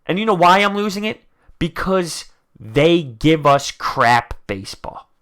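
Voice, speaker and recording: A man with a somewhat high, very bright and forceful voice hosts a fan reaction vlog, speaking straight to the camera. He sounds frustrated, sinking into low, muttered complaints and then bursting out loudly. His delivery is blunt and heated. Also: very animated, unhurried. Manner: frustrated, swings between low grumbling and loud outbursts. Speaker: sports fan video host. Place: indoors, talking to camera.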